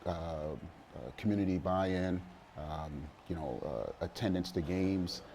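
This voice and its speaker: A middle-aged man, the father of a young player, talking in a relaxed sit-down interview with many fillers and restarts. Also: low-pitched, measured pace, slight background noise. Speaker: interview guest, father of a college quarterback.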